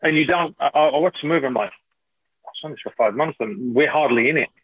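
A man's voice: mid-range voice, a little fast, breathy edge. A middle-aged man, telling stories as an actor guest in a casual interview. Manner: animated, repeats and restarts while telling anecdotes. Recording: tinny phone-like line.

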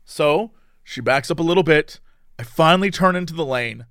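A man's voice: fairly high pitch, normal speed, fairly bright tone, dry recording, studio quality. A man telling a story in casual chat, laughing often and acting out the people in it.

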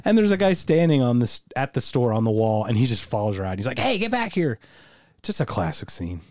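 A man co-hosts a casual podcast, speaking crudely and acting out lines from movies. His medium-pitched voice is sing-song, fairly quick, and a little mellow, captured in a clean studio recording with no room sound.

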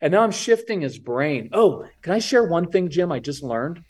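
A man's voice: on the high side, moderate pace, breathy edge. A man on a podcast as a parenting coach guest, talking casually and acting out what kids and parents say. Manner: animated, acts out kids' and parents' lines.

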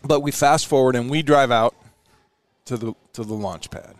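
A middle-aged man, a former astronaut, telling a story in a casual chat, animated, laughing often and acting out what people said. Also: mid-range voice, normal speed, dry recording.

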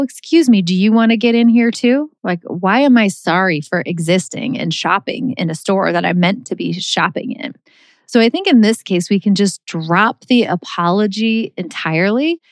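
A middle-aged woman hosts her own podcast in a relaxed, chatty way. Her voice sits low, and the close mic leaves it dry with no room sound. She talks reflectively and fills the pauses with the odd like and um. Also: no room sound. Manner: chatty and reflective, with many fillers. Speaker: podcast host. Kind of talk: casual solo podcast talk.

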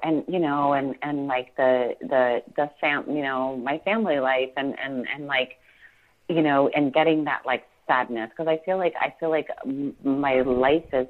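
A woman in her forties giving a podcast interview, halting and full of fillers and restarts as she talks about her family. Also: rumbling low, steady tone. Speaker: podcast guest. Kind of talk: emotional personal interview. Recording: tinny phone-like line.

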